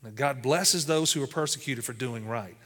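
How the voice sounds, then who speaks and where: A man's voice: medium pitch, normal speed, a bit bright, big-room sound. A man preaching a sermon as pastor, speaking conversationally with lots of "you know" fillers.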